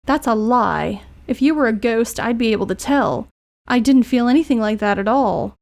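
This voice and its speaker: A woman's voice: a little high, animated, normal speed, gravelly, darkish tone. Woman reading as a proud, hot-tempered teen heroine. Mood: upset. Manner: brusque, tender underneath. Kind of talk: reading game dialogue aloud.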